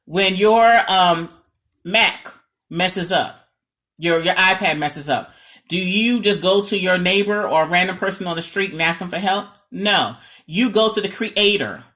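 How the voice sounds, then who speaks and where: A woman from New York with a New York accent, talking as a marriage coach in a lively, dramatic, sarcastic way and often checking in with "okay?". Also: on the low side, unhurried. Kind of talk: direct-to-camera advice talk.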